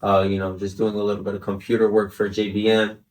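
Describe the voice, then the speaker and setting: A young man in his twenties with a fairly low voice, talking through a podcast interview in a loose, earnest way. He keeps checking in with "right?" and "you know", and he sounds a bit set back from the mic. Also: level tone, quick pace, far from the mic. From Chicago area, United States. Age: 20s. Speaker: interview guest.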